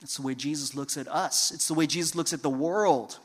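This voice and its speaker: A man preaching a sermon, telling a personal story and swinging between hushed, quiet passages and loud, emphatic ones. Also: a little high, brisk. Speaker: pastor.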